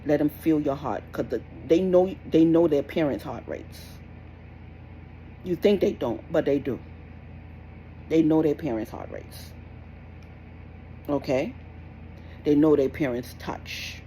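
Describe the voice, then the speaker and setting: Her voice is low-pitched and warm, slow with long pauses, on a rough recording with a little hiss or hum. The young woman, a parenting vlogger, delivers blunt, repetitive advice in a scolding, casual rant.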